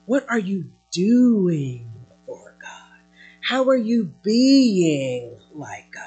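A woman preaching a sermon in an expressive way, swinging between loud emphasis and soft asides, with fillers now and then. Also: low voice.

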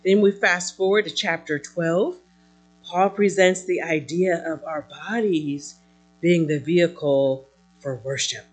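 A woman preaching a sermon in an expressive way, swinging between loud emphasis and soft asides, with fillers now and then. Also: on the low side, a little slow.

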